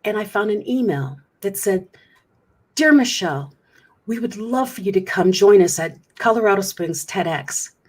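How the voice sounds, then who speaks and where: A woman's voice: mid-range voice, expressive, moderate pace, slightly rough. A middle-aged woman, a guest on an interview show, candidly recounting a personal story with frequent restarts. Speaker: guest speaker.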